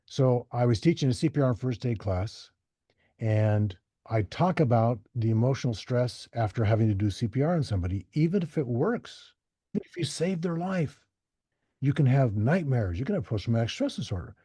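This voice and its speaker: A man, a podcast guest, telling stories in a casual, animated way and acting out the voices of the people he quotes. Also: medium pitch, moderate pace, breathy edge, no room sound. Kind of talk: casual storytelling.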